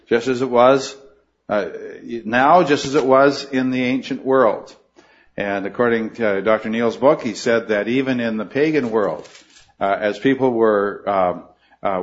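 A man teaching a Bible study class in an earnest way, putting questions to the group and often restarting his sentences. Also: on the low side. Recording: muffled lo-fi recording.

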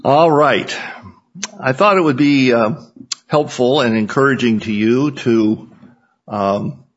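Slow, husky man teaching Sunday school. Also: mid-range voice. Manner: folksy, joking, unhurried. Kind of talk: Sunday school lesson with jokes. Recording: dull lo-fi recording.

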